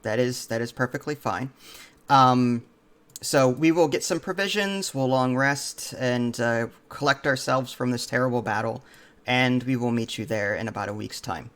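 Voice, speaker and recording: A man in a casual tabletop game session who talks in a polite, thoughtful way, stopping now and then with an "um". His voice sits in a middle pitch. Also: normal speed, fairly bright tone. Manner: polite and thoughtful, often hesitating with "um" and saying "I see". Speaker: player. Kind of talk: casual tabletop role-play chat.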